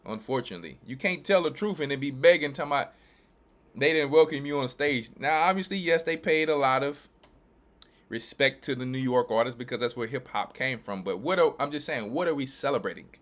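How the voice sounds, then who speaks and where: A man from Louisiana and Texas, a church elder and pastor, giving emphatic, repetitive preaching commentary with quick restarts. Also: medium pitch, expressive, a bit bright.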